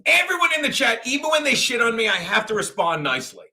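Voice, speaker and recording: A man's voice: extremely high pitch, big pitch swings, quick pace, bright, forceful tone. A man hosting a livestream, ranting crudely and rambling, laughing often as he reads chat. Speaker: livestream host. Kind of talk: profane livestream rant and chat.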